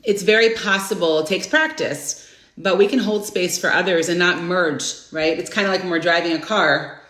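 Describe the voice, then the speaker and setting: A woman in her forties hosting a live inspirational stream, chatting casually and greeting viewers by name with bursts of excitement. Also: on the low side, normal speed. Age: 40s. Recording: roomy echo.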